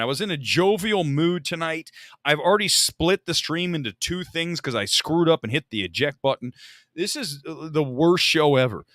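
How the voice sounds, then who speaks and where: A man's voice: fairly high pitch, pushed and bright, no room sound, clean studio sound. A man hosting a live movie talk stream, rambling and joking at his own expense in casual chat on a desk microphone. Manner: rambling, joking and self-mocking.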